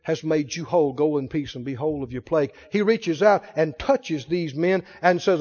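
A man's voice: a little high, expressive, warm tone. A man preaching a sermon as pastor, who keeps asking his congregation questions. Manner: asks the congregation rapid questions. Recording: dull recording in a reverberant hall.

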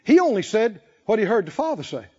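A man's voice: sits high, sing-song, fairly quick, breathy edge, lo-fi sound. A man preaching a sermon, telling stories dramatically and acting out the voices of the people in them. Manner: dramatic storytelling, acting out voices, shouting peaks.

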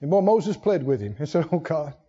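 A man preaching a sermon, swinging between high emphatic bursts and low quiet asides and acting out quoted prayers in a raised voice. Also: big pitch swings, a little fast, breathy edge. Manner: acts out quoted prayers and God's words in raised voice. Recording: dull lo-fi sound with long hall reverb.

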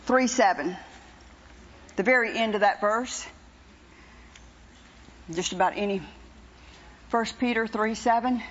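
An older woman is preaching a personal testimony to a congregation. Her voice sits high, and she keeps it animated, teasing and wry. The church recording sounds dull and lo-fi. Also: slow, long pauses, big-room sound. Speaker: preacher's wife giving testimony.

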